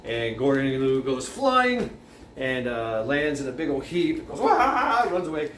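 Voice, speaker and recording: A man's voice: medium pitch, lively intonation, unhurried. A man casually retelling a film scene, rambling, with many restarts and sound effects. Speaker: vlogger. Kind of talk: casual storytelling. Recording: roomy echo, faint background noise.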